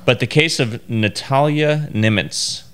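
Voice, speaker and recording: A man co-hosting a podcast, reading facts aloud haltingly and stumbling over words. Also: mid-range voice, a bit bright, clean tone. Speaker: podcast co-host.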